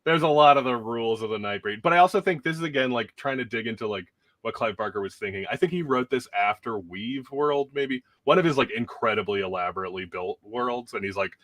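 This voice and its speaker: A man's voice: mid-range voice, quick pace, fairly bright tone, no echo. A man hosting a podcast and chatting casually about a film, rambling and laughing often as he talks. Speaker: podcast host.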